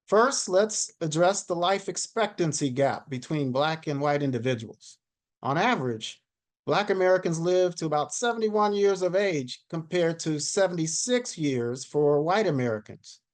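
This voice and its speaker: A man in his sixties giving a measured slide presentation on a video call. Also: on the high side. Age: 60s. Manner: measured, reads statistics from slides. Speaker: panel speaker.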